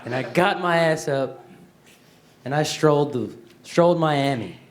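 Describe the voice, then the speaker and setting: A seminar participant, a man, playing a bitter, scheming noble in a role-play exercise, speaking slowly and deliberately. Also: a little high, voice pushed down, natural voice. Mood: boastful. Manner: slow, deliberate repeating. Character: scheming grown male noble, bitter, plotting.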